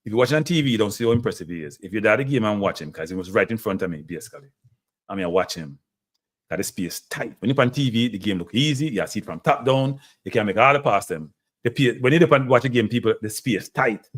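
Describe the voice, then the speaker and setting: This fast-talking man has a fairly low pitch and a Jamaican accent. He hosts a live stream about football, getting emotional and excited and laughing a lot.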